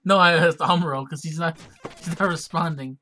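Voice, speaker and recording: A person on a casual voice-chat stream who reacts excitedly and giggles often. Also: mid-range voice, brisk.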